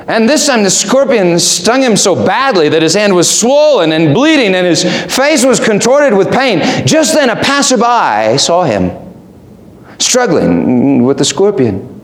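A man preaching with lively, animated swings of pitch in a fairly high voice. His emphatic, rhetorical delivery rings out in an echoey room, with faint ambience underneath. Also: unhurried. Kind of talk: sermon.

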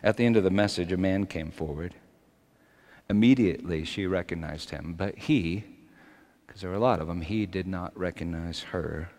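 A man delivers an impassioned sermon in a slightly low voice. He drops to hushed tones and then builds toward fervent, raised passages. The sound carries a long reverb, as if he is recorded in a large church hall. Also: normal speed. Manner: impassioned, swings from hushed to shouting. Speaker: preacher.

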